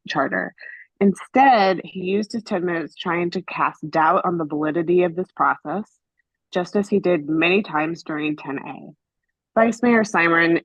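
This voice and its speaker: A woman's voice: sits low, no room sound. A woman giving an angry, pointed public comment by remote call at a council meeting. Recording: muffled remote call audio.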